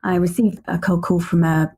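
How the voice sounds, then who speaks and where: Woman podcast host, a bit breathy, chatty, tells little anecdotes. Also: fairly low pitch, steady tone, moderate pace, darkish tone. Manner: chatty, anecdotal, laughs easily. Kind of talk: casual interview chat.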